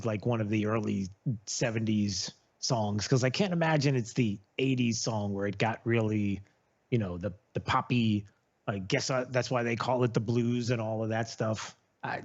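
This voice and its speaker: A man's voice: mid-range voice, moderate pace. A man hosting a radio talk show, chatting casually and rambling with plenty of filler words. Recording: lo-fi radio broadcast.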